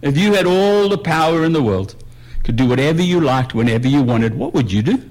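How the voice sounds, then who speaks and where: A male pastor delivering a sermon with a slightly high voice that rises and falls a great deal. He talks to the congregation conversationally, dropping to quiet reflection and then lifting into emphatic questions. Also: lively intonation, brisk. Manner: conversational preaching, swings between soft musing and raised emphasis.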